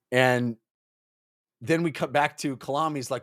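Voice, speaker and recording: A man co-hosting a podcast, chatting excitedly about a book and acting out its characters' lines. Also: mid-range voice, slow. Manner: excitable, acts out quotes in voices. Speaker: podcast co-host. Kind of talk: casual book discussion.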